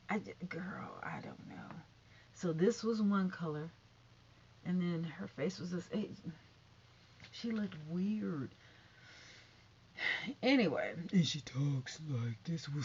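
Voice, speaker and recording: A woman's voice: mid-range voice, vocal fry. Sassy woman vlogger, lo-fi recording. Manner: sassy, calls listeners honey and baby. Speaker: vlogger commenting on reality TV. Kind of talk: casual commentary. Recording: dull lo-fi recording with faint noise.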